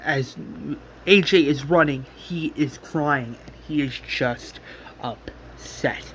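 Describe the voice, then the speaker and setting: Man, slightly high voice, casual story recap, rambling, lots of fillers, faint background hiss. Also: slow, a bit bright. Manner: rambling, many fillers and restarts. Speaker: fan retelling a story.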